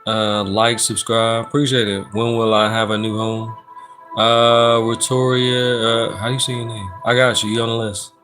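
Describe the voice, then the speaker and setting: A man's voice: medium pitch, level tone, normal speed, a bit bright, soft background music. A man hosting a casual livestream, reading viewers' comments aloud in a laid-back, joking, slangy way. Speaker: livestream host doing personal readings.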